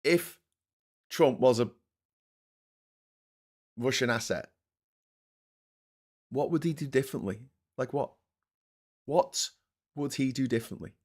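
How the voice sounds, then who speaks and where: A man's voice: medium pitch, animated, slow pace, long pauses, a little mellow. A man in his forties with a Scouse accent, hosting a casual live-stream and ranting with heavy swearing. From Liverpool, England. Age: 40s. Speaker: host.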